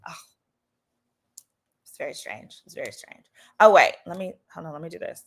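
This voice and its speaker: A woman's voice: on the low side, expressive, normal speed. A woman with a Southern US accent, an attorney hosting a livestream, chatting casually and telling a story with quoted voices, bothered by a cough. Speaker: attorney and channel host.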